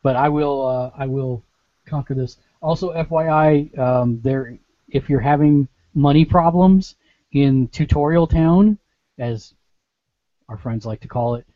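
A man's voice: mid-range voice, a little slow, dry recording. Guy hosting a gaming podcast, rambly and goofy, dull dry audio. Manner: jokey, rambling, dad-joke teller. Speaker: podcast host. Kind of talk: casual podcast chat.

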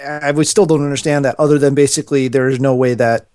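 A man hosting a casual gaming podcast, thinking out loud about market strategy. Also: medium pitch, fairly even intonation, fast talker, dry recording, studio quality. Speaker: podcast host.

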